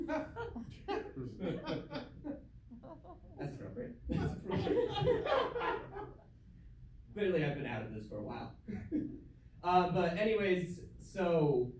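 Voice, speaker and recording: A man's voice: sits high, wildly swooping pitch, takes it slowly, pauses often, crowd noise. A young man performing a casual, self-deprecating stand-up comedy set in a comedy club, laughing at his own jokes. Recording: echoey room heard from far off.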